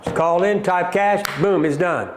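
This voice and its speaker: A middle-aged man with a Southern American drawl hosts a livestream, firing back at viewer comments with emphatic, repeated points and calling his audience folks. His voice sits a little high for a man. The room around him rings with echo. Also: a little slow, a little hiss or hum. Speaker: company CEO hosting a livestream. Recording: echoey room.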